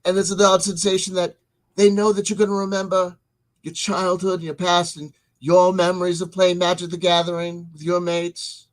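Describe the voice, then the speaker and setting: A man's voice: sits high, monotone, normal speed, poor audio. A man hosting a livestream, giving meandering commentary and answering chat, often restarting and repeating his words. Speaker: channel host reading live chat.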